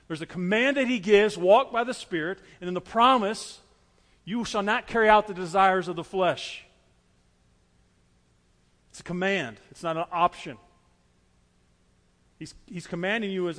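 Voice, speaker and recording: A man's voice: high voice, a bit bright, long reverb tail. A man preaching a sermon as pastor, earnest and repetitive, driving his points home with everyday illustrations.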